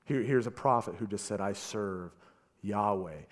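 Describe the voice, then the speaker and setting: A man preaching a sermon, retelling a story with animated delivery and stammered repeats. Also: fairly low pitch, unhurried. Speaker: pastor.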